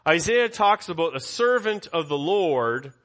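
A pastor with a bright, forceful voice a touch higher than most men's walks his congregation through a Bible passage. He's expressive and measured in pace, teaching conversationally and repeatedly asking them questions along the way.

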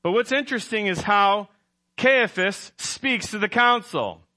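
A man's voice: sits high, a little slow, pushed and bright. A man preaching a sermon as pastor, emphatic, quizzing his congregation and correcting himself as he goes.

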